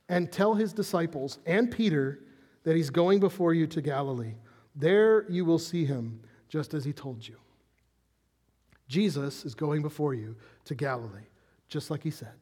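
A man preaching a sermon as pastor, telling the story with animated energy and dropping to soft, intense tones on key points. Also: a little high, a little slow, pauses often, slightly rough, big-room sound.

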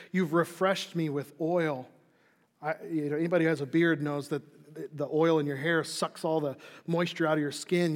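A fairly high-voiced man preaches a sermon to his congregation. He is earnest, builds to emphatic peaks and falls to soft, quiet endings. His voice rings out with a long hall reverb. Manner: earnest preaching, rising to emphatic, dropping soft for closing lines. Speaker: pastor.

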